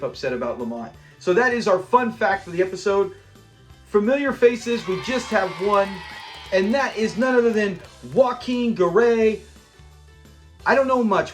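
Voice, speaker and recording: A man hosting a casual episode recap, retelling scenes with animation and acting out the characters' lines. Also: high-pitched. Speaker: show recap host.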